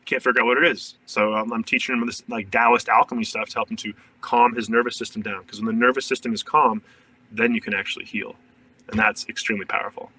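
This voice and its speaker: A man's voice: lowish voice, level tone, fast, pushed and bright, slightly rough, distant mic, rough recording. A man, a shadow work coach, talking earnestly in a casual podcast interview, full of "like" fillers and restarts.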